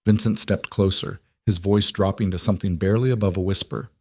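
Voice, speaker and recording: Man narrating a story, low voice, dry close sound, measured delivery. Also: fairly even intonation, a little mellow, no room sound. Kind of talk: scripted audiobook narration.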